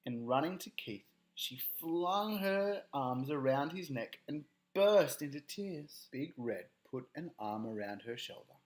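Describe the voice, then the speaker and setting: A man reading a children's story aloud in an expressive, playful way. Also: fairly high pitch, unhurried, hardly any pauses.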